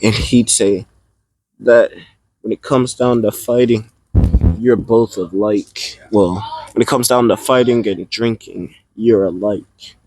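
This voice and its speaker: A man narrates a made-up adventure off the cuff, drifting and backtracking as he goes. His pace is slow and drawn out, and his voice has a husky, breathy edge. The sound is close and dry. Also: fairly low pitch, steady tone, darkish tone, no room sound, poor audio. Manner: rambling, stops and restarts. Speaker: storyteller. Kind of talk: improvised fan story narration.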